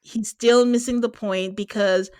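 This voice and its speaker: A woman hosting a podcast, recapping a reality show in casual chat, animated and laughing, with quick asides. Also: on the high side, clean tone, dry recording. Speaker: podcast host.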